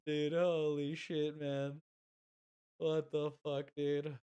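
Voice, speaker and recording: A woman's voice: low voice, flat delivery, takes it slowly, warm tone, clear, resonant tone. A woman streaming a game, chatting casually with her viewers in crude, profane, teasing banter. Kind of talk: casual gaming stream chat.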